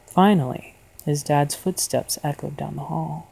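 Low gravelly horror narrator, woman. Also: rough recording. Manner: quiet and deliberate. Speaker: storyteller.

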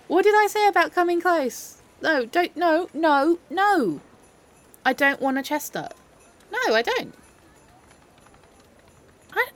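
A woman's voice: sits high, a bit bright, full character voice. A woman playing a sarcastic Christmas-hating girl. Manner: exasperated, mocking, dramatic. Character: grumpy sarcastic young woman who hates Christmas. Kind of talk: audio role-play.

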